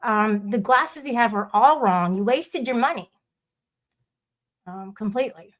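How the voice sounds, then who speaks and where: Woman, livestream host, slightly high-pitched, rambling, swears a lot, argues with chat. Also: unhurried. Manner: rambling, profane, talks back to chat. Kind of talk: casual livestream chat with viewers.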